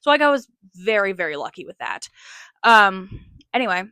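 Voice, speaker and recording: Late 20s woman rambling thru a story on her podcast, bright voice, dry close sound, lots of likes. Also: medium pitch, sing-song, moderate pace, no room sound. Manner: chatty, frequent "like" fillers, self-mocking. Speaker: podcast host. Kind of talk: casual storytelling monologue.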